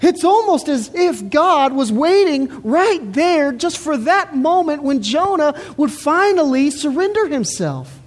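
A woman's voice: high-pitched, very animated, unhurried, few pauses. A woman preaching a sermon in an earnest, emphatic way, repeating words as she builds her point. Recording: reverberant hall.

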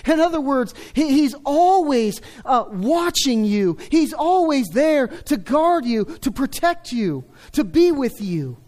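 Slow, emphatic male pastor preaching. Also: very high voice, very animated. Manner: emphatic, swings between loud stresses and hushed lines. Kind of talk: sermon.

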